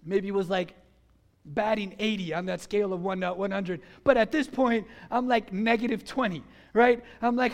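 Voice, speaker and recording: A middle-aged man preaching a sermon, telling a childhood story in a conversational, animated way and acting out the voices. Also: very high-pitched, moderate pace. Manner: animated, acts out his own and others' voices in the story; conversational, frequent fillers like "you know" and "like". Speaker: pastor.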